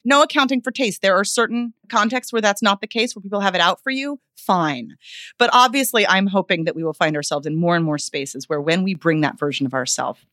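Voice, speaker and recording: A woman vocal coach being interviewed on a podcast, talking in an animated, expressive way. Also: a little fast, dry recording, clean studio sound. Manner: animated, expressive, wide pitch swings.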